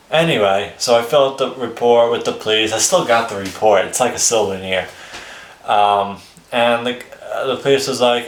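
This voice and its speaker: A man with a fairly low voice tells a personal story in a loose, rambling, conversational way. He swears casually and keeps breaking into short chuckles. The sound is roomy, with a noticeable echo around him. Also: normal speed, fairly bright tone, slight background noise. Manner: rambling, chuckles between phrases, swears freely. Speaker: vlogger telling his life story.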